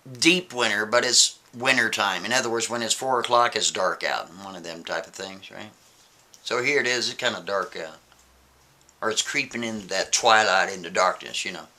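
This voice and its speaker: Male storyteller, chatty and animated, forceful bright voice, checks in constantly. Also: on the low side, measured pace, pauses often. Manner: casual, keeps asking "right?". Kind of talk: spooky story narration.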